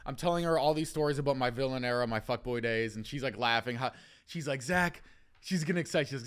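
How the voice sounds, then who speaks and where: A man's voice: medium pitch, fast, fairly bright tone, smooth. A young man hosting a podcast, telling stories in casual chat and acting out quotes, swearing freely. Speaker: podcast host.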